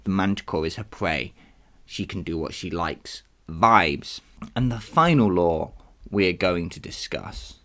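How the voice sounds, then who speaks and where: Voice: deep voice, animated, a little slow, fairly bright tone. A podcast host talking casually on their own, chatty and self-deprecating, with frequent asides. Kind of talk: casual solo podcast commentary.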